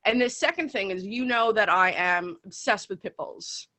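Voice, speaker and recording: Chatty bright-voiced female podcast co-host. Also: medium pitch, normal speed. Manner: chatty, lots of "like" fillers. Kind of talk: casual chat.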